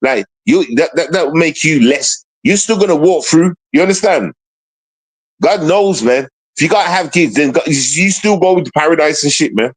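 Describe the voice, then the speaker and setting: A man's voice: fairly high pitch, lively intonation, moderate pace, slightly rough, poor audio. Heated, rambling man on a livestream. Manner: rambling, heated, profane, repeats himself. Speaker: livestream host.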